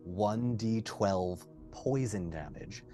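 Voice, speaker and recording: A man running a tabletop game as game master, relaxed and encouraging, narrating scenes and calling for rolls. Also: on the low side, slow, over music.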